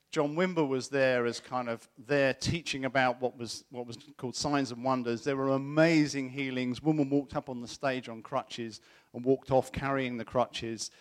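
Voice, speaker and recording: A middle-aged preacher with a medium-pitched voice delivers a sermon. He animatedly shares a personal story, acting out the voices of the people he quotes.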